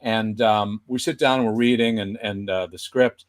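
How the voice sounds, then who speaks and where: A man's voice: fairly low pitch, normal speed. A man, a guest puppeteer, telling a casual anecdote and acting out the people he quotes. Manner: animated, acts out quoted voices.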